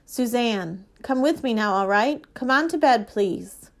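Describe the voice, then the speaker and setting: Calm, quiet storybook dad, read by a woman. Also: fairly high pitch, measured pace. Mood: gentle. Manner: soft and gentle. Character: calm, quiet, tired father. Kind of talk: storybook reading.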